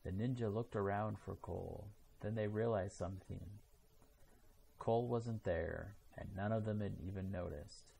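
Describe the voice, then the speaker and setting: A man reading a children's storybook aloud in a slow, even way. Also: fairly low pitch, creaky, slight background noise. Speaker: storybook reader.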